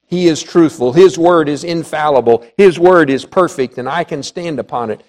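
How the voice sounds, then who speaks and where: A man preaching a sermon to a church congregation, emphatic, with swings between loud declarations and soft, hushed passages. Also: a little high, brisk, hardly any pauses.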